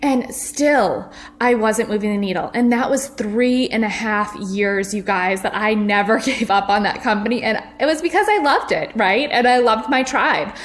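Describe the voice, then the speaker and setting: A woman's voice: mid-range voice, moderate pace. A woman, hosting a casual motivational podcast from her home kitchen in a chatty, upbeat, folksy way. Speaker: podcast host and network marketing coach.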